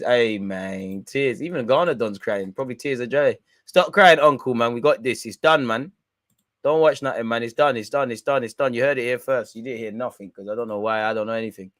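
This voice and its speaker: A young man giving excitable, banter-filled live reaction commentary on a football match. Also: lowish voice, no room sound. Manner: excitable, banter-heavy, swears. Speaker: football watch-along streamer.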